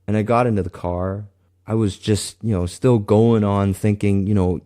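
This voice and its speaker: A man sharing a personal faith testimony in an earnest, halting way, often restarting his sentences. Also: on the low side, fairly even intonation, warm tone.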